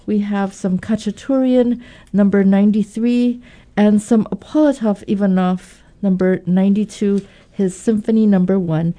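A woman's voice: medium pitch, steady tone, moderate pace, dark tone. A woman hosting a public radio pledge drive in a studio, chatty and upbeat, with a few fillers as she gives the number.

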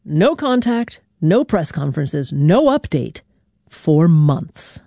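A woman hosting a radio news show, reading a scripted narration in a measured, deliberate way with dramatic pauses. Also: low-pitched, big pitch swings, warm tone, dry recording, clean studio sound.

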